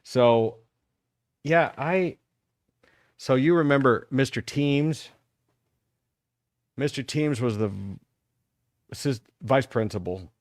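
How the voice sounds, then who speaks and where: A man's voice: medium pitch, slow pace, long pauses, no room sound, clean studio sound. A man in his fifties from Texas, hosting a live talk show and animatedly telling school stories to a caller. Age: 50s. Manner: animated, reminiscing storyteller.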